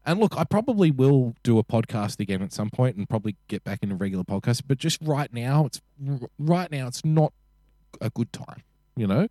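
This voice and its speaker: A man's voice: mid-range voice, sing-song, a little fast, dark tone, dry recording, studio quality. A young man co-hosting a casual podcast, rambling and self-deprecating, swearing freely. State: frequently sick. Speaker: podcast co-host.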